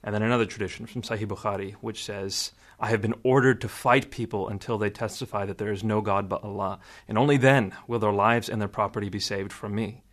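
A man, a guest in an interview, explaining in a measured way and quoting sources at length. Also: on the low side, steady tone. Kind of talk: interview answer.

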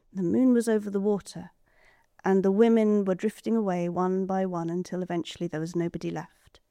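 A woman telling a folk tale aloud, soft and expressive, sometimes dropping to a whisper. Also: mid-range voice, no echo, clean studio sound. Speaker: storyteller. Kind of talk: oral storytelling.

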